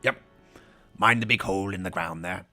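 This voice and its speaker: A man's voice: sits low, normal speed, pushed and bright. A man giving irreverent live commentary in a mock pirate voice, dropping growling asides between jokes. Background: faint music from the broadcast feed.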